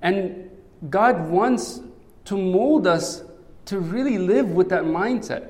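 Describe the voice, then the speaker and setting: A man's voice: high-pitched, slow pace, darkish tone. A man preaching a sermon in a conversational way, often checking in with "right?". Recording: long hall reverb.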